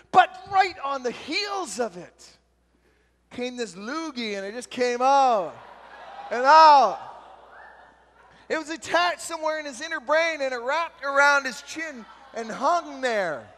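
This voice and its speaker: A youth pastor giving an animated storytelling talk at a youth retreat and shouting out the punchlines. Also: male voice, extremely high pitch. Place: large retreat meeting hall. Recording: long hall reverb from a live talk.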